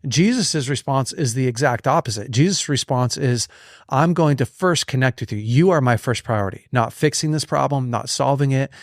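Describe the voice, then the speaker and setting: A man speaks earnestly in a relaxed conversation about faith, circling back and restarting his phrases as he tells a story. His voice sits at an ordinary middle pitch. The sound is close and dry. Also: dry recording.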